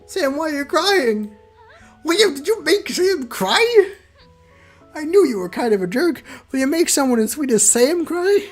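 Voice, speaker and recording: A streamer voicing a shrill, accusing coworker in a video game. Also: big pitch swings, a little slow, faint music behind. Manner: loud and shrill.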